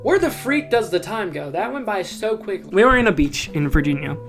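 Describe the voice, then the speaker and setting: A young man in his late teens telling goofy childhood stories in a casual podcast, chatty and animated, jumping his voice up to act out what people said, recorded on a phone. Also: high voice, fairly quick. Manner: chatty, goofy, acts out quotes with big jumps in voice. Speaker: podcast host. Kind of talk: casual storytelling. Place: loud location. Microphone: phone microphone. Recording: guitar music playing behind.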